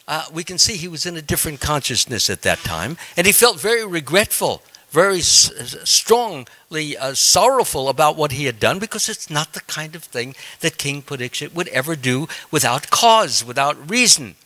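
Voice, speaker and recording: A man, a monk, telling a scripture story in a class, halting with frequent ums and restarts. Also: fairly high pitch, very animated, pushed and bright.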